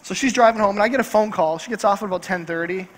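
A male pastor preaching a sermon in a church, driving points home by repeating key phrases slowly. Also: sits high, slight background noise. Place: church sanctuary. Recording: long church hall reverb.

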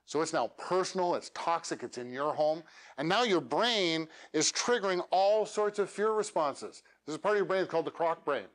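Male workshop coach, slightly high voice, lively, demonstrates lines with deliberate pauses. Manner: animated, uses dramatic pauses and demonstrates lines. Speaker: speaker coaching elevator pitches. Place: meetup room.

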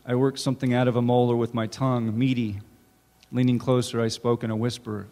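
A man, an author, reading his own fiction aloud in a measured, deliberate way at a campus event. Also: mid-range voice, little pitch movement, dark tone. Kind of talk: literary reading. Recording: reverberant hall.

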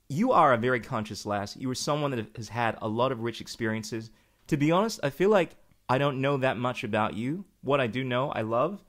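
A man hosting a podcast, talking in a chatty, joking way as he introduces his guest. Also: lowish voice. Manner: chatty, jokey, self-promoting. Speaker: podcast host. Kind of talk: casual podcast chat.

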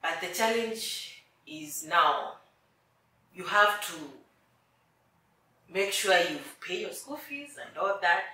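A woman in her thirties telling her story as an interview guest, animated and laughing often, acting out the voices she quotes. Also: fairly low pitch, takes it slowly, pauses often. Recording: echoey room, mic at a distance.

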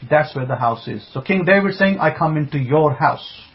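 An animated man whose voice is on the high side preaches a Bible sermon at a moderate pace. The lo-fi recording sounds dull; he stays emphatic, repeats phrases, asks rhetorical questions, and greets online listeners by name along the way.

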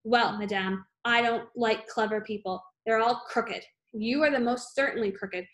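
A woman's voice: a little high, normal speed, a bit bright, close to an everyday voice. A woman reading aloud, voicing a bullying, scornful headmistress with a harsh, barking manner. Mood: threatening.

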